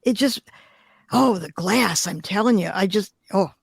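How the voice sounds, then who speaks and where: A woman's voice: mid-range voice, measured pace, vocal fry, breathy edge, dry recording. An older woman from Detroit, a glass artist telling vivid, emotional stories in an interview. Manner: vivid, emotional, expressive storytelling. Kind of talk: storytelling interview.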